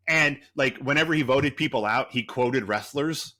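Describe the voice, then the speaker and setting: A man's voice: medium pitch, normal speed, sharp tone. A man co-hosting a podcast, rambling through a story in a loose, profane, casual way. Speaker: podcast co-host.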